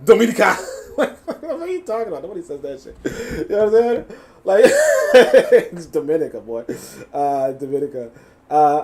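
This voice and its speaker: A man hosting a live reaction stream, reading chat comments aloud and mocking what he hears, swearing and laughing as he goes. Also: mid-range voice. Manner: animated, mocking, swears freely, laughs often.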